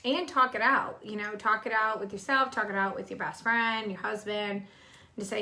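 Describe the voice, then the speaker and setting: Bright-voiced woman psychic, chatty. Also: medium pitch, moderate pace. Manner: chatty, teaching with gestures, frequent ums. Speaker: psychic medium and co-host. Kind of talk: casual chat.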